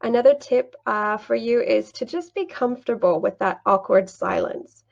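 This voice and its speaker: Teaching English online, a woman demonstrates screen sharing and role-plays a mock lesson, staying patient and unhurried with the occasional light laugh. Her voice is slightly high, gravelly and darkish, and the audio is lo-fi.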